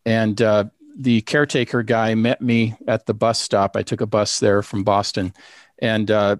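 A man's voice: fairly low pitch, level tone, dry recording, studio quality. Man rambling through a casual anecdote. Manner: rambling, halting, lots of fillers and restarts. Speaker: storyteller recounting a ghost experience.

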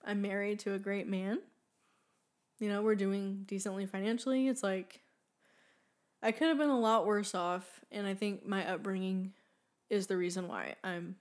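A young woman chatting on her podcast, earnest and talkative, with plenty of fillers and easy laughter. Her voice sits at an ordinary middle pitch. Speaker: podcast co-host. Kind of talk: casual chat.

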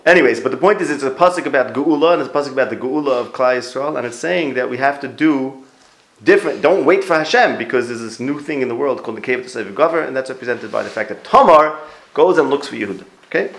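A man's voice: medium pitch, animated, quick pace, a bit bright. A man leading an informal Torah class, talking things through and asking his students for words. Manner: conversational, thinks aloud, restarts and quizzes listeners. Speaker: Torah teacher. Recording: roomy echo.

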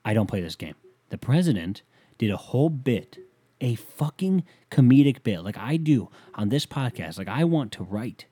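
In his bedroom, leaning on the mic, a young podcast host goes solo, ranting, rambling and swearing a lot in a profane, exasperated way. His voice sits at medium pitch with a dark, slightly rough tone, very animated but at normal speed. There's no echo.

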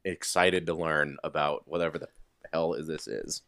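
A man co-hosting a podcast in casual chat, eager and slangy, quick to laugh. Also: rumbling low, steady tone, creaky, fairly bright tone, no room sound, clean studio sound. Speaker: podcast co-host.

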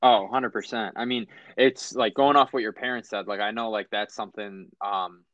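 A man's voice: on the low side, fairly even intonation, moderate pace, fairly bright tone, dry recording. A young man hosting a podcast, chatting casually and profanely and laughing often. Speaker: podcast host. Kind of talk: casual chat. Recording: dry, slightly dull sound.

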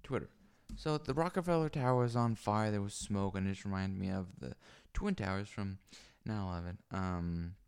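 Gravelly man rambling alone on a mic. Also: lowish voice, normal speed, few pauses, darkish tone. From lives in Los Angeles. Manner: rambling, crude, many fillers and restarts. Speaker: solo podcaster. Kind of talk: rambling solo monologue. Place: small home room with foam panels. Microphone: microphone on a stand.

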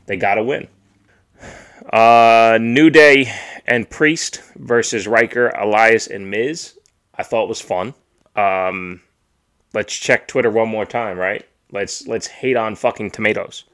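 A podcast host talks wrestling from his home streaming setup, ranting bluntly and swearing freely as he shares his opinions. His voice sits on the low side, with a fairly bright tone and a slow delivery.

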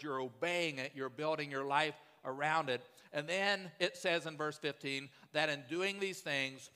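Pastor, man, conversational preacher with a bright, strong voice, recorded in a reverberant sanctuary. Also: on the high side, clear, resonant tone. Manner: conversational storytelling, often asks "right?". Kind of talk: sermon.

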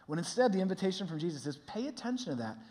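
A middle-aged man, a pastor, giving an earnest sermon that turns animated when he tells stories. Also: high-pitched, rapid-fire.

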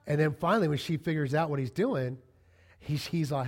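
A man's voice: fairly high pitch, a little fast. A man preaching a conversational sermon to his congregation, acting out little quoted exchanges as he goes. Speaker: pastor.

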